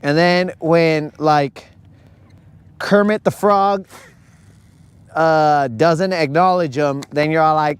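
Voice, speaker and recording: A man's voice: on the high side, slow pace, long pauses, clear, resonant tone. A young man hosting a fishing livestream, ranting and joking in a casual way, calling his viewers bro. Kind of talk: casual live-stream rant.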